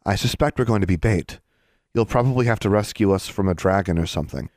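A man voicing an earnest, kind young schoolgirl in an audiobook, gentle and a little hesitant. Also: lowish voice, fast talker, dry recording, studio quality, lightly acted. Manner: gentle and chatty, slightly hesitant.

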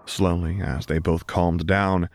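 A man reading fan fiction aloud in a soft, hushed storytelling voice. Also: sits low, flat delivery, takes it slowly, a little hiss or hum. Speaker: audiobook narrator. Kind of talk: scripted narration of fan fiction.

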